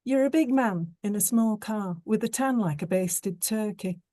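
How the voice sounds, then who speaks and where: A teasing young woman with a sharp tongue, read by a woman narrator, mocking and playful. She speaks slowly and mellowly, in a dry, close recording. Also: mid-range voice, no room sound, close to an everyday voice.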